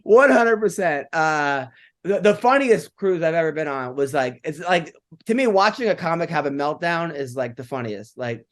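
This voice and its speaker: A man with a noticeably high voice chats casually as a podcast co-host. He rambles through his stories, leaning hard on "like" and restarting his sentences. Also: expressive, moderate pace. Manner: rambling storyteller, many "like" fillers. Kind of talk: casual chat.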